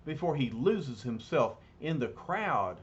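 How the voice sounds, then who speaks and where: An angry, suspicious man in a mob, read aloud by a man, hostile and accusing, with a voice that rises and falls. He speaks slowly. The recording is slightly dull, with faint noise. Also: medium pitch, sing-song.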